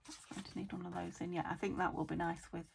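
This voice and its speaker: A woman's voice: on the low side, little pitch movement, fast talker, gravelly, slight background noise. A woman casually chatting to herself as she works on a junk journal, thinking aloud and often slipping into a whisper. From United Kingdom. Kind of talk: casual crafting chat.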